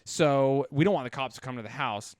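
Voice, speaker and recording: A man's voice: mid-range voice, fairly quick, clean tone, no echo. A young man co-hosting a podcast, telling a story in casual chat. He swears a lot and acts out the people he quotes in raised voices. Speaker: podcast co-host.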